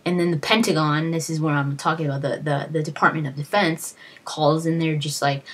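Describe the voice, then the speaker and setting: Chatty young woman, husky voice. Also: low-pitched, level tone, brisk, a bit bright. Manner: rambling, filler-heavy, with lots of restarts. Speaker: video creator retelling a game plot. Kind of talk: casual plot recap.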